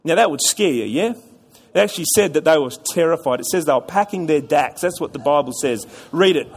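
A man's voice: on the high side, animated, fairly quick, breathy edge. A man preaching a sermon to a congregation, chatty and storytelling, often repeating words and asking the audience questions. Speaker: pastor. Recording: long hall reverb.

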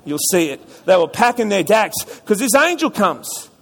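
A man's voice: high-pitched, sing-song, normal speed, gravelly, fairly bright tone, breathy edge. A man preaching a sermon to a congregation, chatty and storytelling, often repeating words and asking the audience questions. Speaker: pastor. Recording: long hall reverb.

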